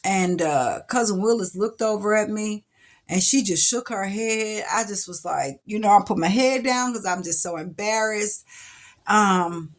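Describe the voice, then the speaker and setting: A middle-aged woman speaks straight to camera. She recounts her past in a reflective, emotional way, with sighs and restarts. Her voice sits at a typical pitch for a woman. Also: unhurried. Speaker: vlogger telling her life story. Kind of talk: personal storytelling to camera. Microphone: camera mic.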